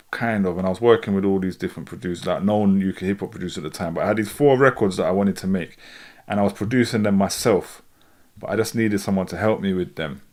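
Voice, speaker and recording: A man with a London accent chats casually on a livestream, reading comments aloud. His voice sits on the lower side, and his delivery is loose and rambling, full of restarts and laughter. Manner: rambling, laid-back, laughs often, many fillers and restarts. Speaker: rapper and livestream host.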